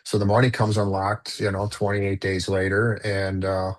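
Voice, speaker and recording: A man's voice: sits low, level tone, normal speed. A man telling a personal story as a guest in a casual conversation, rambling with lots of fillers and restarts. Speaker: podcast guest.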